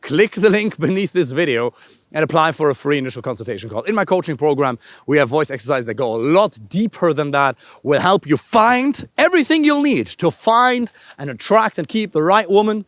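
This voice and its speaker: An energetic male coach talks to camera outdoors, his slightly high voice swinging up and down with lively emphasis. The sound is close and dry, with hardly any room around it. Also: brisk, no room sound. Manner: energetic, animated coaching delivery. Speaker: dating and voice coach. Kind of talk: instructional talk to camera. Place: outdoors in a park.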